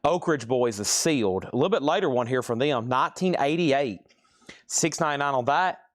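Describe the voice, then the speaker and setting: A man's voice: mid-range voice, expressive, fairly quick, no room sound, clean studio sound. A man with a Southern US accent, hosting a live record sale, drawing out his words and reading titles and prices in a chatty way. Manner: drawls out words.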